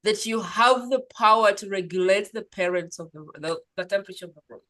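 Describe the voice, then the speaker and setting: A woman hosting a podcast in casual conversation, animated and rambling, acting out little quoted scenes. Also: mid-range voice, a little fast, poor audio. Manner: animated storyteller, acts out quoted voices; rambling, restarts. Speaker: podcast host.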